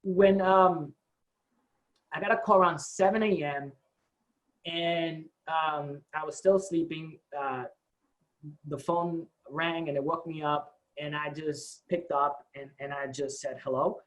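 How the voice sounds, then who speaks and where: A man's voice: on the high side, slow pace, low-quality recording. A man, a company co-founder, telling the story of his start to his staff, acting out the dialogue. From United States. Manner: animated storytelling, acts out quoted dialogue.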